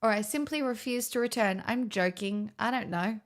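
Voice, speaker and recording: Sex: woman. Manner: dry, teasing. Pitch: high. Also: normal speed. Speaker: streamer. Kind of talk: live stream chat.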